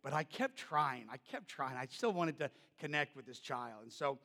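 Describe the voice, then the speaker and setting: A male pastor telling a story in a sermon, loud and animated, then dropping to soft, gentle tones. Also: mid-range voice, moderate pace, long reverb tail.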